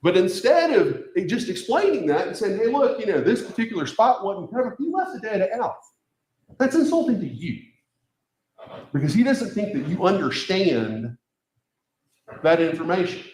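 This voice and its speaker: Male defense attorney in a roomy courtroom, fairly high voice that swings wide, emphatic closing argument. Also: big pitch swings, normal speed, a little mellow. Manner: emphatic, rhetorical questions to the jury. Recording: echoey courtroom.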